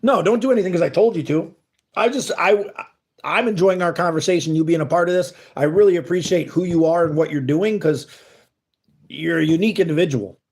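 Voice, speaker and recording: Guy on a live stream, kinda high voice, rambly and earnest, chatting with viewers. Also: a little fast, slightly rough. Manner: rambling and earnest, reads chat messages aloud. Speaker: livestream host. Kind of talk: casual live-stream chat.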